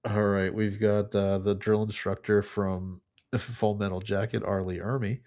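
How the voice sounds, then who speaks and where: A man co-hosting a casual chat show, reading memes aloud one after another. His voice sits low and stays fairly flat, and he laughs often between jokes. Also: unhurried. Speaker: podcast co-host reading memes.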